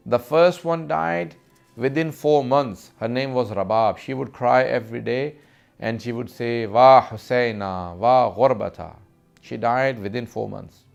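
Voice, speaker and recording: A man's voice: medium pitch, vocal fry. A man delivering a mournful sermon, recounting a lament in a grieving, heartfelt tone. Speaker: speaker.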